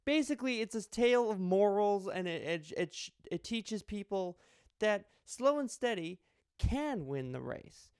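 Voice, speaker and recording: Young male board game reviewer, chatty and rambling, smooth voice. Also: sits high, sing-song, a little slow, dry recording, studio quality. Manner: chatty, rambling with restarts and jokes. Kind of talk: casual video review.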